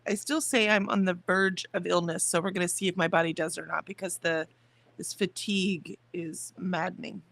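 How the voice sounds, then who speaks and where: A woman's voice: fairly low pitch, fairly even intonation, normal speed, creaky, a bit bright. A woman chatting casually on a livestream, rambling about her morning and talking to her viewers. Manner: chatty, rambling, talks to chat and her dog. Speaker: livestream host.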